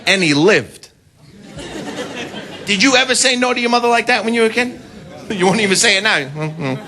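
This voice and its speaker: An American man doing a stand-up comedy routine, brash and profane, telling stories with shouted impressions. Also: high-pitched, animated, normal speed. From United States. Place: comedy club stage before a live audience. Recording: live club recording, loud crowd and noise. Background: audience laughter and applause.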